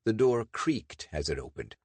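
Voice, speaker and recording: A man narrating a pulp adventure audiobook in lively storytelling. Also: fairly low pitch, normal speed, breathy edge, no echo. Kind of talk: scripted narration.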